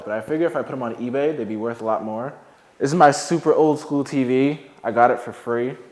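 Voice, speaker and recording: A young man who was once homeless, chatting casually and jokingly as he gives a tour of his apartment. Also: medium pitch. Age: young adult. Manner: chatty, laid-back, jokey, with many "like" fillers. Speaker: formerly homeless youth. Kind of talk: casual home tour talk. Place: his own apartment, indoors.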